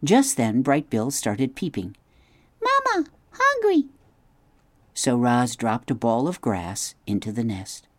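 A man's voice: mid-range voice, animated, a little slow, hardly any pauses, darkish tone, dry recording. Male audiobook reader, mid voice, dead-dry booth sound. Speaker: audiobook narrator. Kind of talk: scripted narration.

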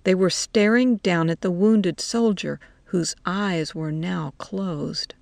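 A woman narrating a story aloud in a calm, measured way. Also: on the low side, gravelly, dry recording. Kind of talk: storybook reading.

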